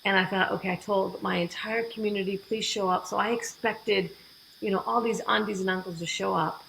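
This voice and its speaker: A woman guest on a podcast, telling her story in a lively way and acting out the dialogue she quotes. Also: mid-range voice, a little fast, gravelly, a little hiss or hum, low-quality recording. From United States. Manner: animated, acts out quoted dialogue. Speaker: fitness program founder, guest.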